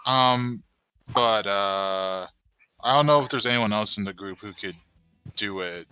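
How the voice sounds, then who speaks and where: A man's voice: lowish voice, a little slow, sharp tone, smooth, no echo, rough recording. A man playing a tabletop game, rambling and hedging as he thinks aloud. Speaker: player.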